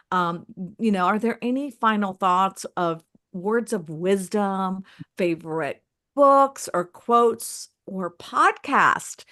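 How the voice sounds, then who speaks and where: A woman's voice: medium pitch, fairly bright tone. A woman with a Southern American accent from Mississippi, hosting a panel discussion in an effusive manner. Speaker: host.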